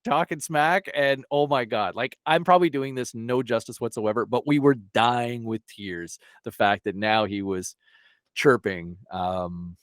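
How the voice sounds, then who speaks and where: A man's voice: medium pitch, unhurried, no room sound, clean studio sound. A man, a sports broadcaster, telling stories as a guest on a podcast and acting out the people he quotes. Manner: animated, acts out quotes with lively voice shifts. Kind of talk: casual storytelling in a podcast.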